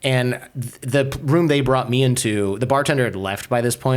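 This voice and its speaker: A man being interviewed, telling a story in a lively, casual way and peppering his speech with "like". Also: medium pitch, fairly quick. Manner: animated, acts out quoted voices, many filler "like"s. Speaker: podcaster guest.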